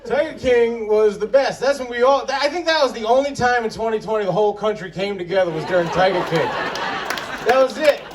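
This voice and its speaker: A man with a high, raised voice works a festival tent crowd in a crude, profane stand-up set. He tells his stories with a fed-up, exasperated edge. The recording is taken from a distance, with background noise and a laughing audience. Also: a little fast. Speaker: stand-up comedian.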